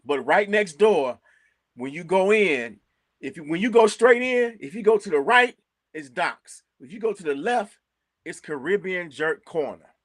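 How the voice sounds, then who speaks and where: A man with a Chicago accent chatting casually as co-host, animated, repeating words and laughing often. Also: high voice, a little slow, no room sound, clean studio sound. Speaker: co-host recommending local restaurants. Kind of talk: casual chat.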